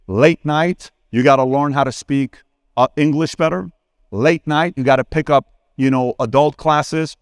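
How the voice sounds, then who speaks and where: A lively man in his forties takes an audience question at a conference, talking straight to the crowd. He tells stories with energy and acts out the people in them. His voice is mid-pitched and close, with little room sound. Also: normal speed, dry recording. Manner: animated, acts out dialogue with sudden pitch jumps; addresses crowd directly, asks for a show of hands. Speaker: conference keynote speaker. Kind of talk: live Q&A on stage, storytelling. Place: conference hall stage.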